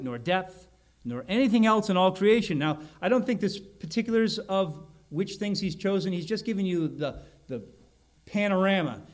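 A man preaching an expository sermon, explaining a Bible passage in an earnest way and repeating key words for emphasis. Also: a little high.

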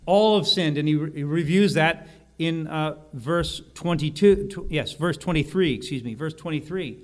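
A man preaching a sermon, slowing and rising on key phrases and often correcting himself mid-sentence. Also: a little high. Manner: emphatic, slows and rises on key phrases, frequent self-corrections. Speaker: pastor.

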